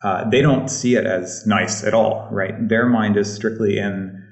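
A man's voice: on the low side, steady tone, unhurried. Man on distant, roomy, dull line. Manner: hesitant, filler-heavy. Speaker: guest panelist. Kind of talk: casual panel chat. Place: home room.

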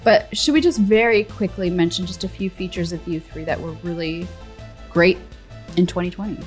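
A woman's voice: lowish voice, moderate pace, faint music behind. A woman hosting a casual tech podcast, steering the talk along in an upbeat way. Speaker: podcast host.

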